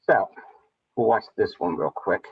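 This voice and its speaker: A man's voice: low-pitched, measured pace, gravelly. A man presenting at a seminar, telling personal stories in a conversational way, full of restarts and "you know". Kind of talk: casual anecdotal storytelling. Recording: distant, dull lo-fi recording.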